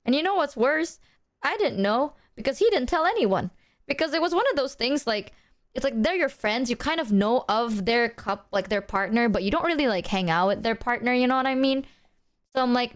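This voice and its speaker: A young woman with a high, bright voice chats loosely with her stream audience, her pitch leaping all over as she tells a story. She acts out her friends' lines, drops slang and swears casually. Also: brisk. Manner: animated storytelling, acting out quoted friends. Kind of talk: casual chat with stream viewers.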